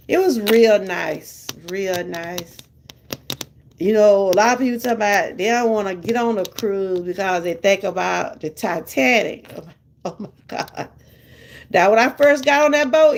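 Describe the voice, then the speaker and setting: A woman's voice: mid-range voice, creaky, slight background noise. An older woman with a Southern US accent, chatting casually with her live viewers and laughing often. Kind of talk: casual live-stream chat.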